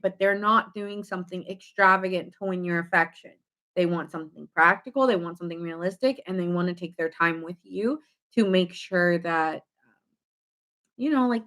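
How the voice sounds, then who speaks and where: This tarot reader speaks at a medium pitch, keeping her reading loose and lively. She fills it with verbal fillers and plays out small reactions as if quoting them.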